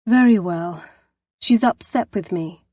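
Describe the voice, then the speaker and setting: A woman's voice: medium pitch, slow pace, mellow, breathy edge, no echo. A woman voicing a distraught young woman who is an older sister, tearful and defensive. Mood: upset.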